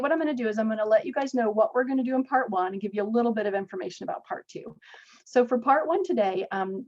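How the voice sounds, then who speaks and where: A woman's voice: a little high, darkish tone. A woman with a Southern accent from Virginia, hosting a webinar in a chatty, upbeat, conversational way over a video call. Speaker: webinar host. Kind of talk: webinar presentation. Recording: dull lo-fi video call audio.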